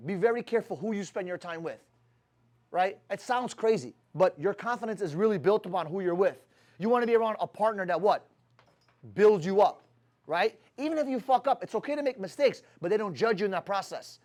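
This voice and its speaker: A high-pitched man talks at a rapid clip, coaching his sales team. He is blunt and swears constantly, throwing rhetorical questions at the people in front of him. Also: darkish tone. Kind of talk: motivational talk to his team.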